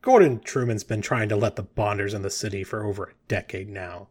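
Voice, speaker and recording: A man puts on a cranky old man, a former guard who shouts his accusations gruffly across the room. He sounds bitter and sure of himself in this tabletop game. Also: lowish voice, fairly quick, close to an everyday voice. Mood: scornful.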